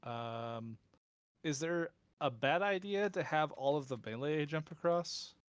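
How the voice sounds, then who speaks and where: A man's voice: a little high, lively intonation, unhurried, clean tone, dry recording. A man leading a game raid over voice chat, explaining tactics step by step with many uhs and ums. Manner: instructive, with frequent uh and um. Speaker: raid leader.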